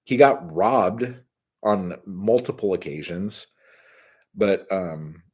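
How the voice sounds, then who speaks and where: A man with a deep, slightly husky voice talks off the cuff, loose and profane. He piles up filler words as he spins stories and reacts to his live chat. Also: expressive, slow pace, darkish tone. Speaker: host answering live chat. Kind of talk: casual storytelling chat.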